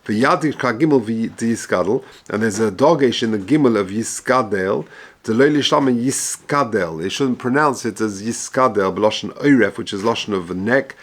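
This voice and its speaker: Man reading and explaining religious text. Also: on the low side. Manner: reads Hebrew-Aramaic text then explains in English, measured and halting. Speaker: rabbi teaching halacha. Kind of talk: text study lesson, reading and translating.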